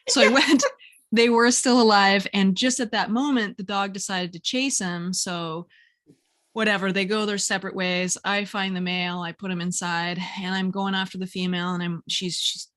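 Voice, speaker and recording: A woman hosting a podcast, telling lively stories in casual chat and acting out what people said. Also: mid-range voice, moderate pace. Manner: animated storyteller, acts out voices, laughs often. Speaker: podcast host.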